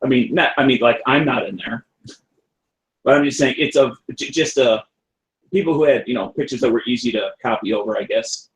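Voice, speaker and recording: A man in a casual online chat who speaks hesitantly, with many pauses and "uh"s. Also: mid-range voice, echoey room, rough recording.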